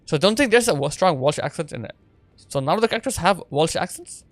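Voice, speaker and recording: A man's voice: a little high, expressive, quick pace, no echo, faint music behind. A man giving casual gameplay commentary as a streamer, rambling and chatty with lots of fillers. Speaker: game streamer.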